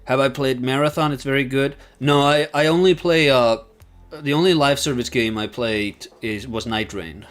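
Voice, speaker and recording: A man's voice: medium pitch, moderate pace, faint music behind. A man chatting casually with viewers on a livestream, thinking aloud and rambling with many fillers and restarts. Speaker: streamer and video essayist.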